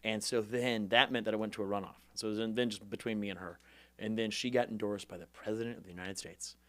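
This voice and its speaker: A man in his twenties, a podcast guest, telling his story in a fast, animated, profane way and acting out the people he quotes. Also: lowish voice, no echo. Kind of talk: casual storytelling interview.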